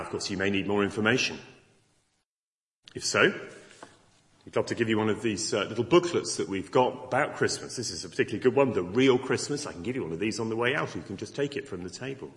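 A middle-aged male preacher delivers a Christmas sermon in an earnest, conversational way, acting out the doubts of his listeners. His pitch rises and falls in a lively way. The voice rings with the long reverb of a large hall. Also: brisk, pauses often. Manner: earnest, conversational, acts out imagined objections.

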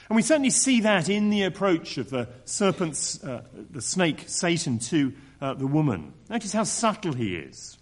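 Lively male preacher. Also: mid-range voice. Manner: expressive, acts out quoted voices with mocking tones. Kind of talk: sermon.

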